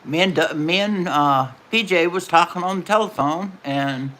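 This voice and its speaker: A woman's voice: fairly low pitch, normal speed, a bit bright. A middle-aged woman, chatting casually and telling folksy stories while hosting a livestream. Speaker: livestream host.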